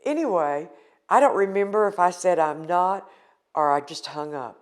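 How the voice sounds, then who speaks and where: A woman's voice: fairly low pitch, lively intonation, normal speed. An older woman from the United States recounting a painful personal experience in an earnest, emotional interview.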